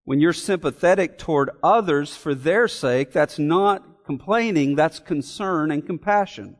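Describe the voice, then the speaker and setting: A man's voice: on the high side, a little slow, big-room sound. A man preaching an expository sermon in an earnest way, repeating key phrases and asking rhetorical questions. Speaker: pastor.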